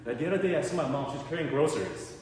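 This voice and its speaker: A man performing a stand-up comedy set, telling stories in an animated way and acting out the people in them. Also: on the high side, rapid-fire. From Canada. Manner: animated storytelling with acted quotes. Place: art gallery event space with a live audience. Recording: echoey hall with long reverb and clear background noise.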